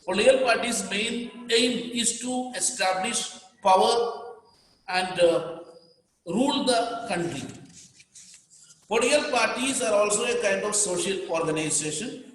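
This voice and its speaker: A man's voice: high voice, fairly bright tone. A man with an Indian English accent teaching a class, repeating key points emphatically and dictating what students should underline. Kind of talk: classroom lecture. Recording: very echoey hall, reverberant.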